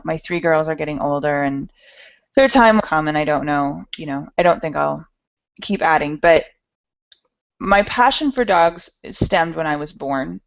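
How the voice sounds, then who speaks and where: A middle-aged woman talks candidly to an audience about what drives her, self-deprecating and a little halting as she restarts her sentences. Her voice sits low with a gravelly edge, and the recording is dull and lo-fi. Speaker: speaker at an entrepreneur meetup. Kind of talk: personal talk to an audience.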